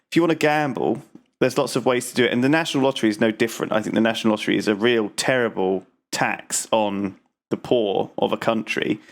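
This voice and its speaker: Opinionated man chatting on a podcast. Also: mid-range voice. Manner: opinionated, rambling with restarts. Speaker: podcast co-host. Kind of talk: casual chat.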